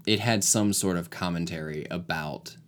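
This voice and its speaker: A man's voice: sits low, moderate pace, slight background noise. A man co-hosting a casual podcast chat, talking things through analytically with many hedges. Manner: analytical, hedging with "like". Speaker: podcast co-host.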